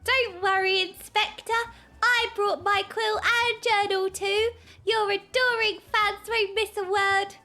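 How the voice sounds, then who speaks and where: A woman voicing an eager young female assistant in a bubbly, excited way, as she reads game dialogue aloud. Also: very high voice, slow, soft background music, voice pushed up, full character voice.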